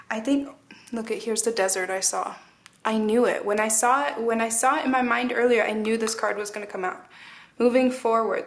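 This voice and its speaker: A woman's voice: medium pitch, a bit bright. A woman giving a casual spoken tarot reading, rambling, with many fillers and restarts. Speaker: tarot reader.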